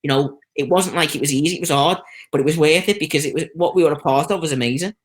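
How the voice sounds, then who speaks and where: Chatty Scouse man with a higher voice. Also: fast talker. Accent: Liverpool (Scouse). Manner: chatty storytelling, lively anecdotes with quoted voices. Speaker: stuntman guest. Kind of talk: casual interview chat.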